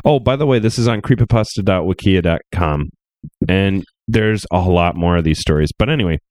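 A young man with a fairly low voice hosts a loose, crude podcast, cracking jokes and laughing as he reads a creepy story aloud. His voice is recorded close and dry, with no room around it. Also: fairly quick, a little mellow, no echo. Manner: crude, joking, laughs often. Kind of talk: casual podcast chat and story reading.

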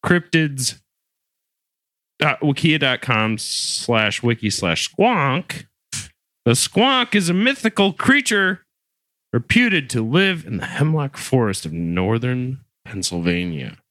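A man co-hosting a podcast talks in a chatty, teasing, rambling way. His delivery is lively and his tone forceful and bright. The recording is close and dry. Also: mid-range voice, slow, no echo. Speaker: podcast co-host. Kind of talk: casual podcast chat.

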